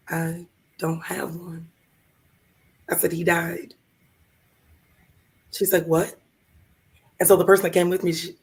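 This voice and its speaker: Gravelly-voiced woman telling a personal story. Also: lowish voice. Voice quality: gravelly, hoarse from vocal cord lesions. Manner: emotional, heartfelt, voices others in her story. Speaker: podcast co-host. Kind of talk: personal storytelling on a live show.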